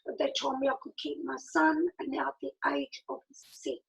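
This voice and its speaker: A middle-aged woman tells a personal story with lively energy, acting out both sides of the conversation. Her voice sits high. A gravelly fry runs through it. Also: moderate pace, rough recording. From Italy. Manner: animated, acts out quoted dialogue, laughs often. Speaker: speaker.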